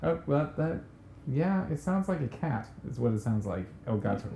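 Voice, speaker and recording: A man's voice: mid-range voice, sing-song, moderate pace, gravelly, mellow. A man co-hosting a casual podcast, asking curious questions and teasing his friend. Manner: curious, asks questions and teases. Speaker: podcast co-host. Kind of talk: casual chat. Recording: roomy echo with faint noise.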